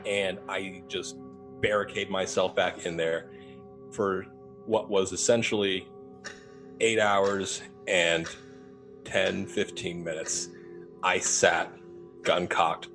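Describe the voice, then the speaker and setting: A young adult man telling a ghost story casually, acting out the dialogue with laughs. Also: deep voice. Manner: animated, acts out quoted dialogue with laughs. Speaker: paranormal investigator telling his story.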